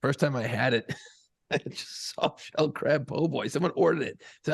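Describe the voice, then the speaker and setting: A co-host on a podcast, this Buffalo, New York man rambles through casual, profane banter and laughs frequently. He talks fairly quickly in a medium-pitched, creaky voice with a breathy edge, in studio quality without room sound.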